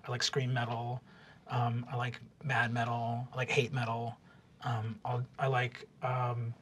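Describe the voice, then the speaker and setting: Guy playing a weird shy teen girl, mid pitch, lots of ums and likes, faint room hum behind. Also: monotone, measured pace, fairly bright tone, close to an everyday voice. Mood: rambling. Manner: hesitant, rambling, full of "um" and "like". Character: awkward teenage girl, secretly sinister. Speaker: game master.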